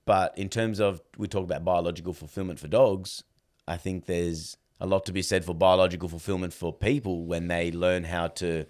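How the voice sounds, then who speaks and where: Deep-voiced and speaking at a normal speed, this man is a dog trainer guesting on a podcast. He tells stories with animation in casual conversation, performing the quoted lines himself.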